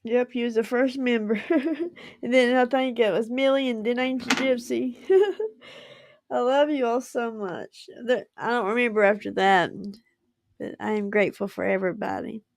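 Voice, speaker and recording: A woman's voice: on the high side, normal speed, dry recording, clean studio sound. A woman, hosting a casual livestream and chatting effusively with frequent giggles. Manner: effusive and giggly, laughs often. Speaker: livestream host.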